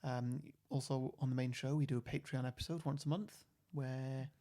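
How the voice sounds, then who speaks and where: A man's voice: mid-range voice, steady tone, moderate pace, warm tone. A man hosting a film podcast, laid-back and laughing easily, chatting and plugging the show. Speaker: podcast host. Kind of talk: casual film chat and show plug.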